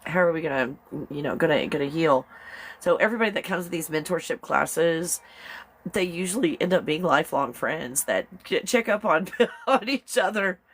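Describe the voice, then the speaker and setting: A woman hosting a casual live-stream show, chatty and excitable, rambling along and laughing often. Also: deep voice, normal speed, slight background noise.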